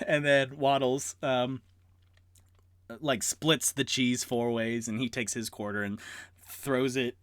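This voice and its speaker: A man's voice: mid-range voice, takes it slowly, smooth, no room sound, clean studio sound. A man streaming live from his room at home, narrating a tabletop game as dungeon master and rambling to his chat. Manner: animated, rambling, talks to chat. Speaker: dungeon master and solo player.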